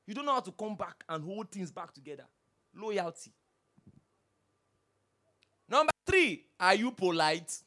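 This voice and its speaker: A pastor preaching a sermon, firing rhetorical questions and swinging from hushed asides to loud bursts. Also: medium pitch, sing-song, a little slow, long pauses.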